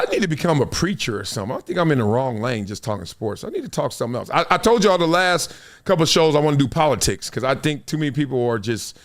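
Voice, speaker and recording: A middle-aged man from Compton hosting a casual sports talk show, telling stories animatedly and reading viewer comments. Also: on the high side. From Compton, Los Angeles. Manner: animated storytelling, swings between loud and hushed. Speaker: show host.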